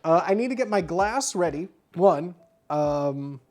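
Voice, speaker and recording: A woman's voice: fairly low pitch, expressive, unhurried, a little mellow. A tipsy woman streaming live as a bartender, chatty and rambling with many fillers as she shows how to make a cocktail. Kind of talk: casual livestream cocktail demo. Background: faint music.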